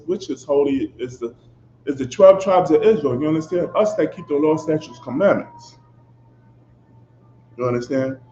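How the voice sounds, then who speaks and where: Fiery preacher man, echoey lo-fi recording. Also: fairly high pitch. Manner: repeats "you understand?" after nearly every phrase; fiery and profane. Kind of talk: confrontational sermon. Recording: echoey, dull lo-fi recording with faint background noise.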